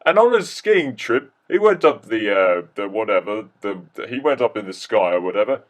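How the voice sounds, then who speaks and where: A man's voice: fairly low pitch, expressive, moderate pace. A man telling a comic mock-documentary story, rambling, jokey and full of restarts.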